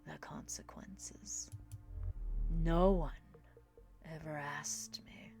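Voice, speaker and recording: Woman putting on a vampire ghost lady, sorrowful, formal, half-whispered, slow and low, faint game music behind. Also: steady tone, darkish tone.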